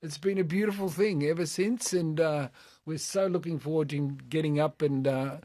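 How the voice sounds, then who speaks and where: An older man with a fairly high voice tells a rambling story as a radio guest. He talks in a loose, chatty way. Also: moderate pace, mellow, dry recording, clean studio sound. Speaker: punk band singer, guest.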